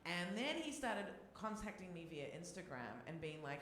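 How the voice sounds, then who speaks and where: A woman's voice: on the low side, very animated, moderate pace, few pauses, fairly bright tone, reverberant, slight background noise. A woman comedian hosting a live podcast on a theater stage, joking and laughing at herself. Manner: laughing, joking, self-deprecating. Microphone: stage microphone.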